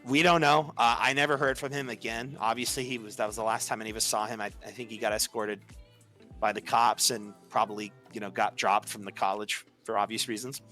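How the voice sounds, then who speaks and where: Young guy, casual podcast storyteller, crisp forward voice with soft music behind; leans on "like" and acts out quotes. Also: lowish voice, fairly even intonation, brisk. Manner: chatty, heavy use of "like", acts out quoted lines.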